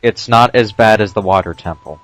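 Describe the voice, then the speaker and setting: A man doing casual commentary over a video game, explaining tips with dry jokes and frequent "uh" pauses. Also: fairly low pitch, no echo. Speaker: let's play commentator.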